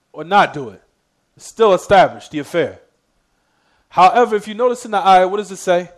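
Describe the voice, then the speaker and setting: A man giving a religious lesson, quizzing his class with "what?" prompts and repeating key points. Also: sits high. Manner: reads Arabic quotations quickly. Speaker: Islamic teacher.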